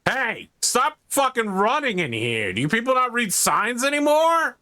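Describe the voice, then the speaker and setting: A man's voice: extremely high pitch, very animated, moderate pace, dry recording, voice pushed up, heavily acted. A man voicing an irritated male garage mechanic who scolds people for running, in a tabletop game. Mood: annoyed. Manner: yelling, scolding.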